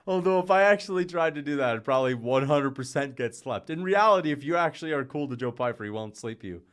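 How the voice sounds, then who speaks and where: A man's voice: a little high, lively intonation, brisk, clear, resonant tone. A man streaming live, rambling in casual chat, joking and often laughing, slipping into mocking impressions. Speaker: livestreamer. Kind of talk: casual livestream rant.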